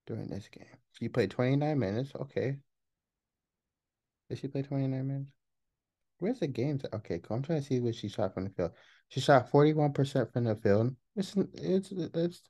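A woman's voice: sits low, warm tone. Profane, emphatic woman ranting about basketball. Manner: profane, emphatic, rapid rhetorical questions. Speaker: podcast host. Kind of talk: casual ranting commentary.

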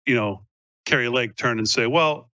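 A man's voice: mid-range voice, a little fast, bright, forceful tone, dry recording, muffled recording. A man co-hosting a casual political talk show, repeating himself as he builds a point. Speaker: co-host.

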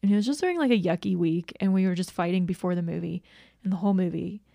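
A young woman co-hosting a podcast speaks in a lowish, creaky, mellow voice, talking fast and casually with plenty of fillers. The recording is dry and studio-clean.

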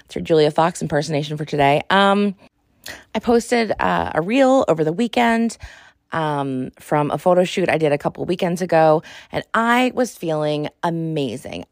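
A young adult woman hosting a podcast, talking in a sassy, exasperated, animated way. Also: on the low side, no echo, clean studio sound. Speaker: podcast host. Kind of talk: casual monologue.

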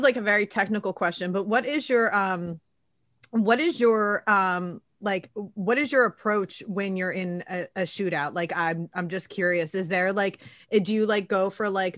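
A woman's voice: medium pitch, a bit bright, dry recording. Hesitant woman co-host, dry sound. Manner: hesitant, many fillers like "like". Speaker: podcast co-host. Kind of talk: casual interview chat.

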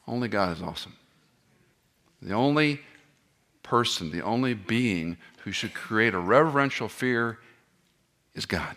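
A man preaching an expository sermon, animated, firing rhetorical questions at the audience and dropping joking asides. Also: mid-range voice, normal speed, pauses often.

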